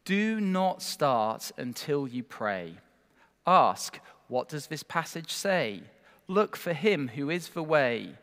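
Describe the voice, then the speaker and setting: A man delivers a sermon in an earnest, emphatic way, now and then turning to the listeners with a rhetorical question. His voice sits at a middling pitch for a man. A long reverb trails each phrase, as in a church hall. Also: a bit bright. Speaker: preacher.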